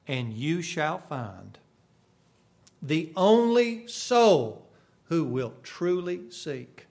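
A man preaching a sermon, swinging from sudden loud bursts to hushed, quiet lines. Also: on the high side, expressive, slow.

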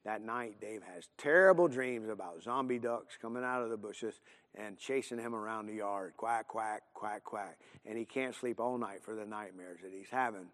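A man telling a homespun story in an unhurried, folksy way, with plenty of fillers and restarts. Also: lowish voice, fairly bright tone, in a large hall.

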